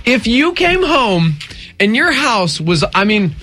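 High, lively-voiced male radio host. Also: slow pace. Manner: chatty, wry and joking. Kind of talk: casual morning radio banter.

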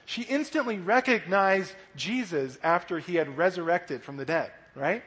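Male kids' pastor, lively and animated, slightly high voice, big hall reverb. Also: normal speed. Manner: animated, asks "right?" often, acts out voices. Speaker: children's church pastor.

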